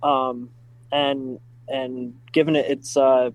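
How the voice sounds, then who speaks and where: A middle-aged man telling stories in a casual podcast chat, full of fillers and excitement. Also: mid-range voice, slow, highs cut off. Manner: enthusiastic, many fillers like "like" and "uh". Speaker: podcast guest, driving school staff. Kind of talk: casual storytelling.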